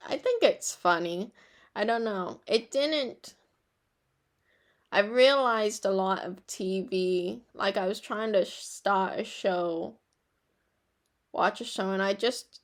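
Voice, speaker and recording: Young woman podcaster, slow and kinda gravelly, rambly reflective chat. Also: mid-range voice, fairly bright tone. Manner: rambling, reflective, self-laughing. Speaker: podcast host.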